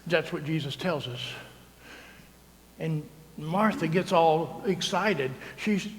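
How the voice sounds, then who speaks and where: A male priest preaches in a chatty, teasing manner and keeps checking in with the congregation. His voice sits fairly high. It rings with the long reverb of a church. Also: takes it slowly. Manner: conversational, teasing, keeps asking "right?". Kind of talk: sermon. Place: church sanctuary.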